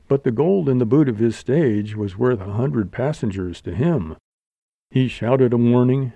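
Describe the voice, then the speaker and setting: A man's voice: mid-range voice, warm tone, no echo. A man reading an audiobook aloud, narrating steadily. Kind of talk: scripted narration.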